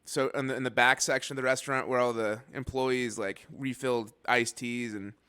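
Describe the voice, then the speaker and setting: Smooth-voiced deadpan male guest. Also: mid-range voice, dry recording, studio quality. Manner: deadpan, quick absurd one-liners. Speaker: podcast guest. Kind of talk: casual comedic chat.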